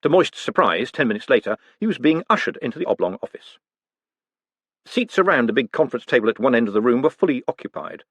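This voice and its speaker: A man narrating a novel in a measured storyteller's voice. His pitch rises and falls lively through each sentence. The recording is close and dry. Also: husky, no echo. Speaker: audiobook narrator. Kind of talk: scripted narration.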